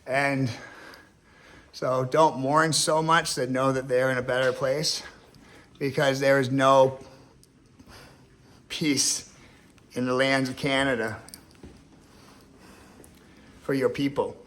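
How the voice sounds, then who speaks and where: A man's voice: medium pitch, little pitch movement, slow, long pauses, fairly bright tone. Profane rambling man ranting. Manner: rambling, profane, emotional and repetitive. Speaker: vlogger. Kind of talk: ranting monologue to camera.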